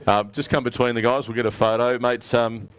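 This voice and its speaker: A man's voice: mid-range voice, fairly even intonation, a little fast, smooth. An Australian man emceeing a live prize presentation at an outdoor weigh-in, upbeat and matey as he calls up each winner. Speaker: tournament emcee.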